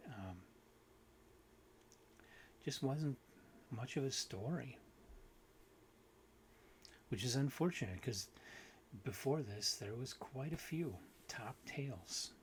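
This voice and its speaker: A man hosting a book video, giving an unhurried, critical review with frequent restarts and fillers. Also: fairly low pitch, a little hiss or hum.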